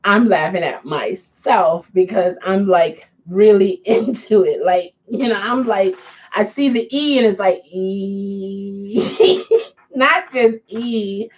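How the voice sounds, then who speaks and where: A woman's voice: medium pitch, lo-fi sound. A woman vlogger chatting casually to her viewers, breaking into frequent fits of giggling laughter. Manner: laughs often, giggling fits, slow and drawn-out. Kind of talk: casual chat to camera.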